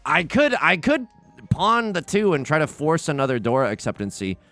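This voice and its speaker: A young man giving casual, excitable commentary on his own gameplay, talking to viewers and trash-talking opponents. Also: fairly high pitch, normal speed. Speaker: let's play host. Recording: game music underneath.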